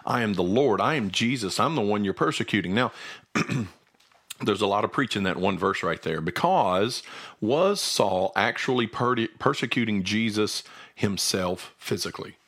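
A man's voice: lowish voice, animated, normal speed, a bit bright, breathy edge. A man co-hosting a Bible study, earnestly explaining verses in a conversational way and thinking aloud. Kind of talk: conversational scripture teaching.

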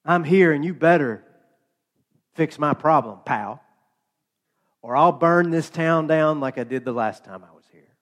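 A man's voice: fairly high pitch, a little slow, long pauses, close to an everyday voice. A man playing an arrogant, proud male general who blusters and makes demands. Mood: menacing. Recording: long hall reverb.

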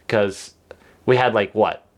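A young man, a social media creator, talking casually on a podcast in a relaxed, filler-heavy way and laughing easily. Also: on the low side, takes it slowly.

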